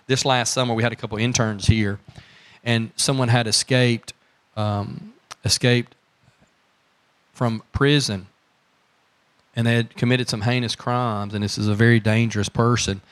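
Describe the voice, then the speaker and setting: A man's voice: medium pitch, steady tone, normal speed, fairly bright tone. A man, a pastor preaching in church, telling stories in a folksy way and asking his congregation questions. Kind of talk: sermon.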